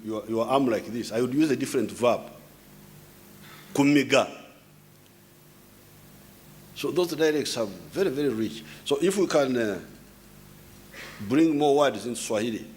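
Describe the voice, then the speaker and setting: A man addresses a crowd without a script. His pitch is mid-range, and he speaks in a lecturing way, explaining word by word. He often stumbles, restarts and repeats words. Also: slight background noise. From Uganda. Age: 70s. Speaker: head of state giving a speech. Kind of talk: unscripted public address.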